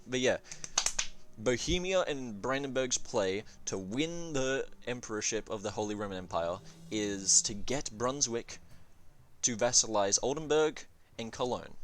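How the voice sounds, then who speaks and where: A man's voice: medium pitch, lively intonation, unhurried, faint music behind. A man casually reviewing a strategy game, rambling and swearing as he thinks aloud with many fillers. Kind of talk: casual gameplay commentary.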